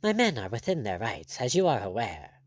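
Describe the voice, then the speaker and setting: A man's voice: medium pitch, wildly swooping pitch, moderate pace, dry recording. A man voicing a bold, ironic buccaneer captain who speaks bluntly and firmly.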